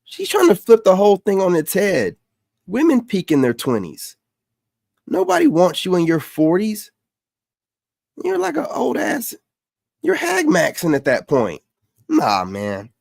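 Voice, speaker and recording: A man's voice: sits high, wildly swooping pitch, unhurried, gravelly, a little mellow, no echo, studio quality. A man hosting a reaction commentary, mocking and dismissive as he talks back at clips.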